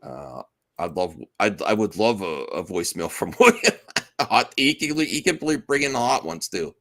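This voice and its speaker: A man's voice: on the low side, sing-song, moderate pace, pushed and bright. A man hosting a podcast in casual chat, rambling and restarting his sentences and laughing often. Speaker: podcast host.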